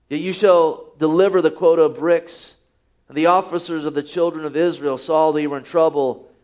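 A man with a high voice preaching a sermon. He reads scripture aloud and keeps asking his listeners rhetorical questions. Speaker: pastor.

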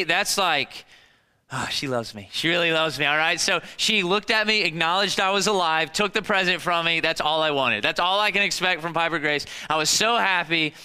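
A man in his thirties preaching a sermon, telling stories in an animated way and acting out the people in them in quick voices. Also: on the high side, clear, resonant tone. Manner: animated storytelling, acts out disciples and kids in quick voices. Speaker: pastor.

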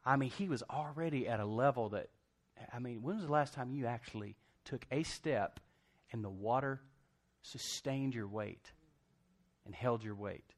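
Animated preacher. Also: male voice, mid-range voice, normal speed. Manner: animated storytelling, laughs often, acts out quotes; folksy, conversational preaching. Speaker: pastor. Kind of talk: sermon.

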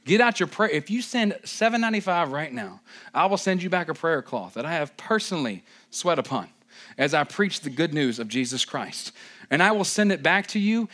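A man puts on a greedy, showy television preacher who hawks his wares in a loud, hyped voice. The tone is mocking and overblown throughout. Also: sits high, animated, moderate pace, pitched above the performer's own voice. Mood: mocking hype. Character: greedy showy male TV preacher selling prayer cloths.

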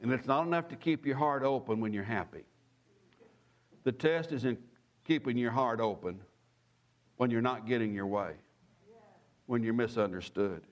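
A man's voice: medium pitch, moderate pace, pauses often, dull audio. A man preaching a sermon as a pastor, telling stories with chuckles and repeating phrases for emphasis. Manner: animated storytelling with chuckles and asides.

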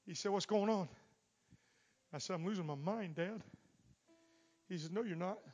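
Middle-aged pastor preaching hard in church, voice a bit high, swells way up then drops quiet, soft guitar under him. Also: male voice, moderate pace. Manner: preaching with surging volume, rising to near-shouts. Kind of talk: Pentecostal sermon. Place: church sanctuary.

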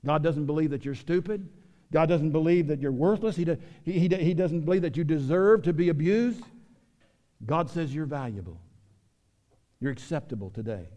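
A pastor preaching a sermon, swinging between loud emphatic lines and low quiet asides. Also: male voice, normal speed, in a large hall. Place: church sanctuary.

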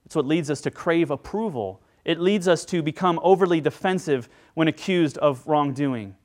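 A man preaching a sermon as pastor, earnest and dynamic, moving between emphatic lines and hushed ones. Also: on the high side, normal speed.

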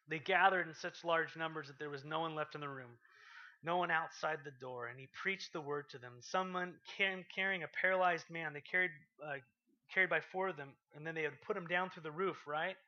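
A man preaching a sermon, reading scripture aloud with rising intensity and dropping to quiet asides. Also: on the high side, brisk. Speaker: pastor. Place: church. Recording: lo-fi sermon podcast recording.

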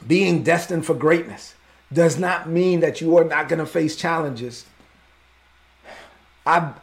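A man's voice: on the high side, creaky. A man preaching a sermon as pastor, fervent and openly emotional.

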